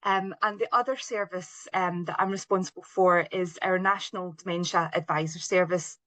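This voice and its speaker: A middle-aged woman with a broad Glasgow accent presents over a video call. Her voice sits a little low, and the recording is dry and close. She talks earnestly, often pausing on "um" and restarting phrases. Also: steady tone, fairly bright tone, no room sound, rough recording. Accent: Scottish, Glasgow. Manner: earnest, with frequent ums and restarts. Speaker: charity support services head, webinar panellist. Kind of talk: presentation on a webinar.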